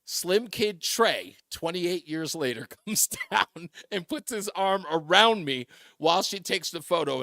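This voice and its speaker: A talk radio host tells a story with lots of energy, jumping up high when he quotes other people and laughing between lines. His voice is high and bright for a man. It is recorded close and dry on a studio mic. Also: no echo.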